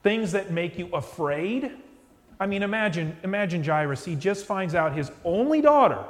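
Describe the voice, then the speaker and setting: Storytelling pastor in a reverberant church. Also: male voice, high voice, animated, a little slow. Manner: storytelling, acts out voices softly. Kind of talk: sermon. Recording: long hall reverb.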